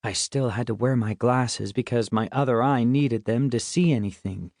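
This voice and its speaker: A man's voice: mid-range voice, normal speed, vocal fry, a little mellow, no echo, studio quality. A man reading a first-person middle-grade audiobook in a wry, conversational way. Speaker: audiobook narrator.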